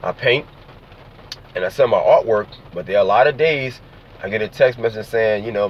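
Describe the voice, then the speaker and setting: A man's voice: lowish voice, quick pace, slight background noise. A man from New Orleans talking casually to his camera in a loose, profane, rambling way, often checking in with "you see what I'm saying.". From New Orleans, Louisiana. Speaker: vlogger. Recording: dull lo-fi sound.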